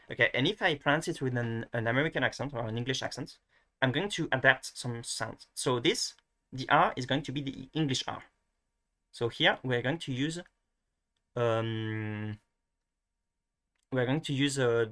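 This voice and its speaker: Young guy explaining pronunciation, kinda hesitant, lots of restarts, bright tone. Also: mid-range voice, moderate pace. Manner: hesitant, thinking aloud with many restarts. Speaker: language teacher. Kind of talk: casual pronunciation lesson.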